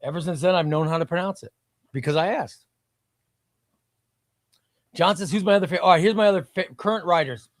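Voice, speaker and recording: A man's voice: high voice, brisk, pauses often, no echo, studio quality. A man hosting a live stream, chatting about comics, reading chat aloud and repeating himself.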